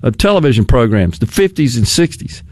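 This older man talks casually in a Southern American accent, his mid-range, slightly mellow voice swinging widely in pitch at a somewhat fast pace. He wanders in his talk, chuckles a lot, and loses his thread mid-thought, with no echo on the audio.

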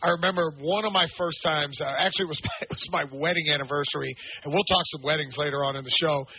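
A man's voice: fairly high pitch, steady tone, fast talker, husky, no room sound, dull audio. An enthusiastic, chatty man hosting a radio sports talk show.

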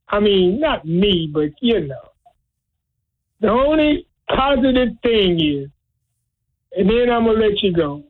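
A woman's voice: medium pitch, expressive, unhurried. A woman calling in to a talk show, speaking bluntly and jokingly. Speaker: caller. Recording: phone line.

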